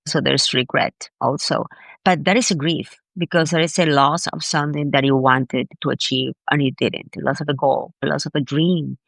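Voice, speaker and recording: Woman, podcast guest, animated storyteller, slightly gravelly, dry close mic. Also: low voice, moderate pace, no room sound. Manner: animated, repeats words, emphatic. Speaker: guest, grief expert. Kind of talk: conversational storytelling.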